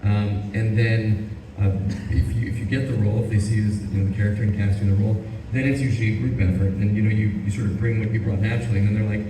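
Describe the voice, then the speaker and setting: A man's voice: on the low side, steady tone, fast talker. A man who is a voice actor, answering fan questions at a convention panel in an earnest, encouraging way, often restarting his sentences. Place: large convention panel hall. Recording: echoey hall, speaker far from mic, background noise.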